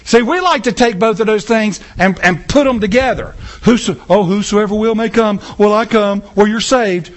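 A man's voice: high-pitched, moderate pace, hardly any pauses. A man preaching a sermon in church, acting out scenes with a volunteer from the congregation. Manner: animated, acts out scenes with a volunteer. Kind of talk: sermon with audience interaction.

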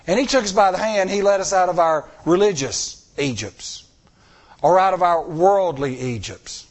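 A man's voice: sits high, animated, moderate pace. A middle-aged man preaching a sermon, telling stories with acted-out dialogue and repeating phrases for emphasis. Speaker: church elder preaching.

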